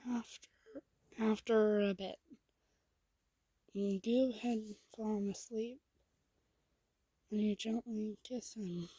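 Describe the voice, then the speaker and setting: Woman storyteller, whispered role-play; breathy, slow, flat delivery. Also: mid-range voice, no echo, poor audio. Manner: soft, hushed and slow, with small slips.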